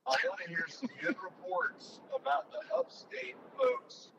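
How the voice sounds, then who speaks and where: A man co-hosting a podcast from a moving vehicle, talking in a casual, teasing way with drawn-out fillers. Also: very high-pitched, wildly swooping pitch, dull audio, noisy background. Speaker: podcast co-host. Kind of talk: casual chat.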